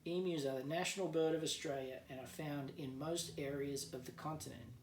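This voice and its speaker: Teacher reading a picture book aloud. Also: male voice, on the high side, steady tone, a little fast, distant mic, noisy background. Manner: gentle storyteller who explains words for kids. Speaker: teacher, guest reader. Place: at home, remote learning. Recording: echoey room, voice off-mic, faint background.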